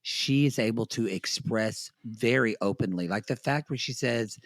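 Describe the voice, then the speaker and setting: Animated man from Oklahoma hosting a podcast. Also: medium pitch, a little slow, no room sound, studio quality. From Oklahoma, United States. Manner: animated, rambling, self-interrupting. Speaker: podcast host. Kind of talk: casual podcast chat.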